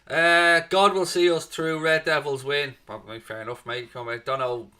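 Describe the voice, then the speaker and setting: A man's voice: on the high side, level tone, normal speed, bright, forceful tone, clear, resonant tone. A man hosting a live football watchalong stream, chatting casually and greeting viewers by name with matey banter. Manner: addresses listeners as mate and folks. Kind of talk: live casual match-preview chat.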